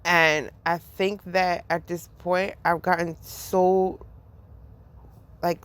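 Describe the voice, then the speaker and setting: A woman hosting a podcast, talking in a rambling, profane way about faith. She laughs often and says "like" constantly. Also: fairly low pitch. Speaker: podcast host. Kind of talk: casual spiritual reflection.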